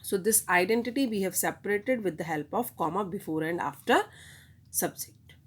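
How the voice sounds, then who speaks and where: Woman teaching grammar, slow and repetitive. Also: medium pitch, husky. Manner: explains slowly, repeats examples, asks the class "okay?". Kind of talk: classroom grammar lesson.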